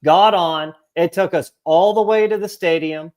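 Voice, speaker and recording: A man's voice: high-pitched, measured pace, a little mellow. A young man co-hosting a sports podcast, telling rambling, profane stories full of fillers in casual chat. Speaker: podcast co-host.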